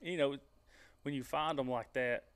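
A man hosting a casual podcast, telling a hunting story in a lively way and laughing as he goes. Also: mid-range voice, moderate pace, clean tone.

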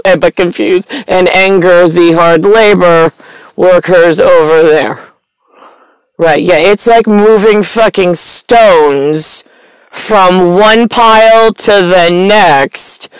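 Slow, smooth-voiced rambling woman. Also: lowish voice, dry recording, poor audio. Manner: meandering, stream-of-consciousness, frequent ums. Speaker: vlogger. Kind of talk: rambling monologue to camera.

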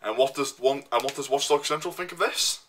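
A man's voice: mid-range voice, fairly quick, slight background noise. A young man ranting to camera, swearing heavily and repeating himself as he works himself up. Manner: swears constantly, repeats himself, loud and worked up. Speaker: vlogger. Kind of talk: profane ranting monologue.

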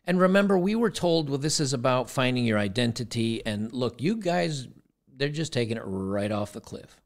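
A man with a gravelly, mid-pitched voice hosts a casual reaction commentary. He rambles and doubles back on his words, and he drops in dry, sarcastic asides as he goes. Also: lively intonation, normal speed. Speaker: commentary channel host.

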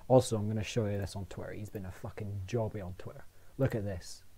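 A man's voice: lowish voice, steady tone, quick pace, vocal fry, warm tone, breathy edge. A man in a comic, mock-outraged rant, swearing freely and rambling with stammered restarts. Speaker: video maker.

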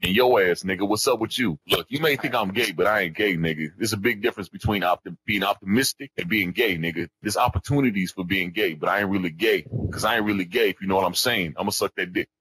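Brash man trolling in a husky low voice. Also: fast, few pauses, fairly bright tone, poor audio. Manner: put-on tough street persona, brash and boastful, heavy slang. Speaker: prank caller trolling strangers in game voice chat. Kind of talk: in-character trolling in online game voice chat.

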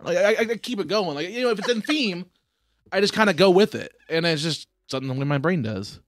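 A man hosting a casual comedy podcast, talking in an animated, rambling way and slipping into impressions. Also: high voice, fairly quick, no room sound, clean studio sound. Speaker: podcast host.

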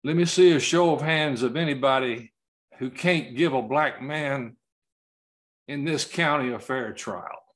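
A man giving an award acceptance speech over a video call, telling a story slowly and haltingly and choking up at times. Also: medium pitch, a bit bright. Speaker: award recipient.

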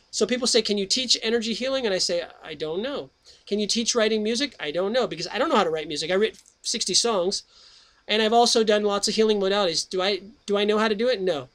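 A man's voice: high voice, quick pace. A man hosting his own comedy healing show, talking in a jokey, rambling way and then reading a book aloud. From United States. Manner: jokey, rambling, with sudden jumps in loudness. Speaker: radio show host.

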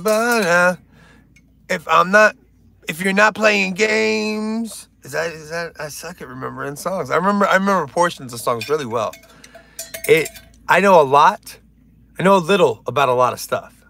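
Rambling joking man, higher voice. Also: moderate pace, vocal fry, pushed and bright, no room sound. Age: older. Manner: rambling, joking, reads chat aloud. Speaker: livestream host. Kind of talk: casual livestream chat.

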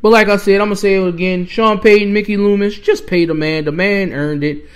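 A man's voice: high-pitched, steady tone, brisk, clear, resonant tone. A young man, hosting a podcast and ranting with heated exasperation as a sports fan. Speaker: podcast host. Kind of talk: fan rant.

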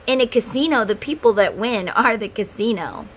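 A woman's voice: on the high side, animated, normal speed, few pauses, slight background noise, low-quality recording. A middle-aged woman who runs a spiritual vlog, talking to viewers in a casual, heartfelt way. She gives earnest advice and speaks straight to the viewer. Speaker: tarot and spiritual vlogger.

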